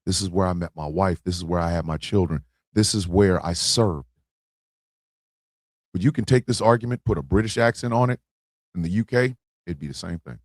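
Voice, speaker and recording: This American livestream host has a low-pitched voice and talks a little fast in his blunt political monologue, repeating points emphatically and swearing. The studio-quality sound carries no echo.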